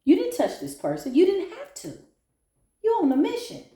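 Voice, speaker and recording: A woman's extremely high, mellow voice swings hugely in pitch as she speaks at normal speed. As a tarot reader she is blunt and profane, mocking her subjects and erupting into laughter, recorded with a roomy echo.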